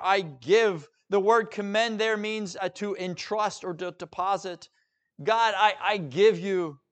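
Slow, high-voiced male preacher. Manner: dramatic, with swings between hushed and emphatic delivery. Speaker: pastor. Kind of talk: sermon.

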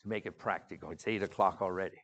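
A middle-aged male pastor preaching a sermon, telling a story with swings from hushed, soft lines to loud outbursts. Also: deep voice, fairly even intonation, fast talker, muffled recording.

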